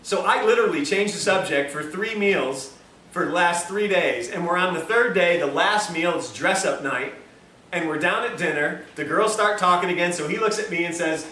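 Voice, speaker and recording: A man's voice: high voice, normal speed, bright, forceful tone, slight background noise. A man giving a lecture at a health institute, telling a story in a chatty, joking way full of self-mocking asides. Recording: echoey room, distant mic, faint ambience.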